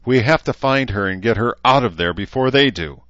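A man's voice: on the low side, animated, normal speed, fairly bright tone, no echo, lo-fi sound. A man voicing a hardened young woman who speaks curtly and bitterly, in a commanding tone, for an audiobook.

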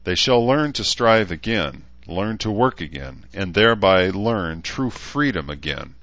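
A man's voice: low voice, very animated, unhurried, fairly bright tone, no echo, voice pushed up, exaggerated voice. A man reading the lines of a grandiose, self-righteous male leader in an audiobook, solemn and intoning, on a dull recording.

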